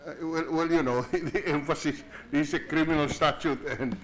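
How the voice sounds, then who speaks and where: A man, a senate minority leader, questioning a bill deliberately in a legislative chamber and restarting his phrases. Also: fairly high pitch, steady tone, fairly bright tone, rough recording.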